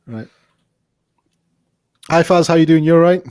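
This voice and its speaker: A man co-hosting a podcast in casual chat, jokey and quick to laugh as he teases a guest. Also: fairly high pitch, darkish tone, clear, resonant tone, dry recording, studio quality. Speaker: podcast co-host.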